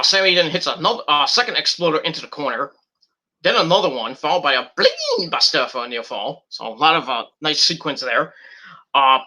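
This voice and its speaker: A man's voice: on the high side, bright, forceful tone. A man giving a casual, rambling play-by-play recap of wrestling matches, blunt and profane as he goes. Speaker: wrestling reviewer.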